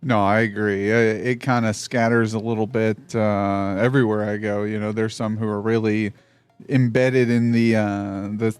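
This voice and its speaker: A man's voice: fairly low pitch, level tone, normal speed, clean tone, dry recording, soft background music. A middle-aged man from Tennessee hosting a podcast interview, rambling and chatty with lots of fillers. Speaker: podcast host. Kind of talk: casual interview chat.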